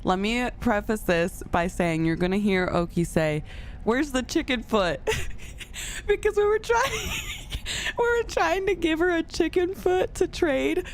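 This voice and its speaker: A woman's voice: high voice, a little slow, slight background noise. A young woman chatting casually to her viewers, telling a story with lots of laughter between lines. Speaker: streamer.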